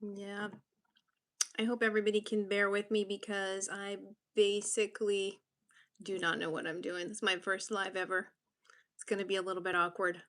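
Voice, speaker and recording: A woman's voice: mid-range voice, little pitch movement, normal speed, a bit bright. A woman from Massachusetts hosting her first livestream, chatting casually and greeting viewers by name in an upbeat way. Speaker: livestream host. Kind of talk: casual live-stream chat.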